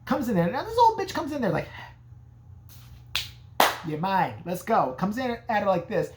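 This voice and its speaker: A woman's voice: on the high side, huge pitch swings, fast talker, heavy background noise. A woman giving a sarcastic, profane, casual recap of an old movie. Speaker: movie reviewer.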